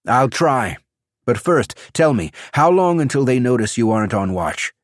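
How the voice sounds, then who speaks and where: A man voicing a calm, confident young male warrior who speaks firmly and levelly. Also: medium pitch, moderate pace, no echo, studio quality, voice pushed up, close to an everyday voice.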